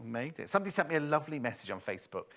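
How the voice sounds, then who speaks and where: This shopping channel host talks very fast in a sing-song way, his fairly bright voice sitting on the high side. Live on air, he chats up the products, pokes fun at himself and keeps laughing at his own gags.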